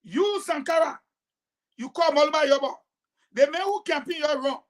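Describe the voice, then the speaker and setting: On a talk show, a woman delivers heated political commentary, emphatic and combative, veering between loud outbursts and quiet asides. Her voice is high-pitched and her pace moderate.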